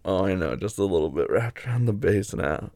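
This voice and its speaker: A young man in intimate audio role-play, talking in a low murmur that often drops to a breathy whisper, close to the mic. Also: expressive, brisk, a little mellow, no room sound. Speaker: adult audio performer.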